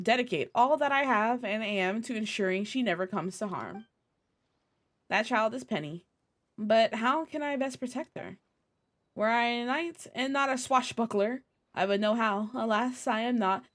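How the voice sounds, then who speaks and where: A woman's voice: on the high side, unhurried, lightly acted. A woman voicing a gallant, wistful old male cat swashbuckler, reading game dialogue aloud in formal storybook phrasing.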